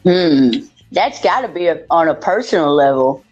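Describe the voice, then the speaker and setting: A woman with a Southern US accent, a guest in a casual podcast chat, blunt and quick to laugh. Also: deep voice, lively intonation, darkish tone, muffled recording.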